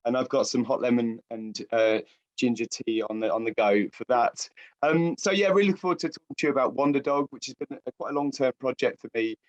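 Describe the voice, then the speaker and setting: A British man with a croaky voice giving a public lecture as guest speaker, hesitant with many fillers and restarts. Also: mid-range voice, fairly quick. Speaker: guest speaker, science writer.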